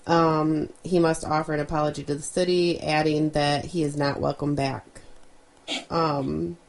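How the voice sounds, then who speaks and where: A woman with a notably low voice co-hosts a casual podcast. She relays news stories in an easygoing way, filling pauses with ums and dropping in offhand asides. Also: vocal fry. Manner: relaxed, reads news with fillers and asides. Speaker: podcast co-host. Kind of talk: casual chat, reading news items.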